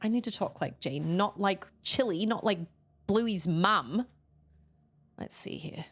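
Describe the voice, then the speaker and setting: A woman's voice: mid-range voice, measured pace. A young woman streaming a video game, chatting casually and breaking into silly voices. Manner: chatty, animated, jumps into silly voices and laughs. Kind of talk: casual gameplay stream chat.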